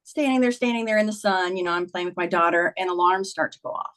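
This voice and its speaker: A woman with a fairly low, slightly bright voice talks fast. She's an author appearing as an interview guest, earnestly recounting a personal story and vividly acting out the dialogue of the people involved.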